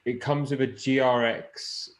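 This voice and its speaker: A man's voice: medium pitch, flat delivery, measured pace. A man hosting a casual podcast chat, rambling with fillers and swearing. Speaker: podcast host. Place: lives in the Peak District.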